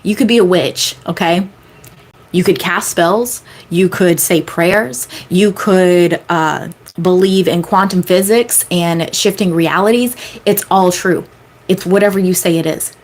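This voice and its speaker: A woman's voice: fairly low pitch, unhurried. Chatty woman hosting a live Q&A. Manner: chatty, rambling, frequent fillers; emphatic, repeats key phrases. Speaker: manifestation coach. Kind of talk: casual live-stream Q&A.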